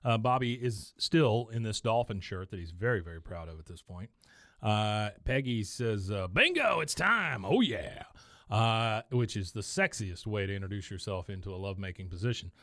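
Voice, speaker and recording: A man's voice: lowish voice, normal speed, no room sound, studio quality. A man co-hosting a podcast, casually recapping an episode scene by scene and briefly lifting his voice for quoted lines. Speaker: podcast co-host.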